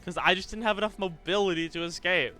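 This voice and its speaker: Bright-voiced man streaming a game. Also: high-pitched, quick pace, soft background music. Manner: thinks aloud, stammers and repeats himself, swears when frustrated. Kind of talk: live gaming commentary.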